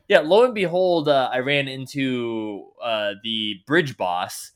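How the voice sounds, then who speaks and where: Young male podcast host, bright and clear, lively storyteller acting out his reactions. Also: mid-range voice, moderate pace, few pauses. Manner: animated storytelling, acts out his own reactions. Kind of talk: casual gaming chat.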